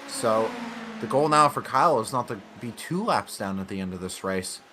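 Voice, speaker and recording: A man commentating a sim racing league event, excitable and often correcting himself mid-sentence. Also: on the low side, normal speed, very noisy. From United States. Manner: excitable, self-correcting, laughs along. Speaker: race commentator.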